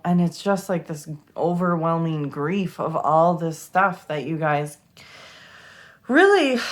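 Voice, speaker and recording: Slow-talking, tearful woman tarot reader. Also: sits low. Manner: emotional, close to tears, swears freely. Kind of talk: casual tarot reading to camera.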